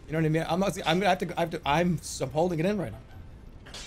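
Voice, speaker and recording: A man's voice: on the high side, fast, a little mellow, a little hiss or hum. A man in his thirties streaming a game, ranting and swearing in exasperation as he plays. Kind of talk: live gaming commentary. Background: faint game music.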